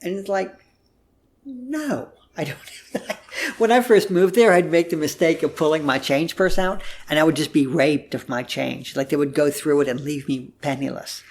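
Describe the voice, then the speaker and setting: An American man in his sixties with a wry, drawn-out storytelling manner, chatting casually as an interview guest in an apartment. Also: a little high. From United States. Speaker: guest, humor writer. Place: apartment room.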